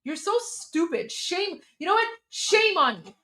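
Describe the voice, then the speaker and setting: A woman's voice: extremely high pitch, very animated, measured pace, pushed and bright. A young adult woman from Iran, hosting a live stream and reacting to a hearing with heated, scornful commentary, often repeating herself for emphasis.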